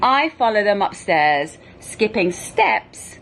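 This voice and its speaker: Slow, animated woman reading a story. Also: mid-range voice, a little hiss or hum. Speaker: children's book reader. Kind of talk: reading a children's book aloud.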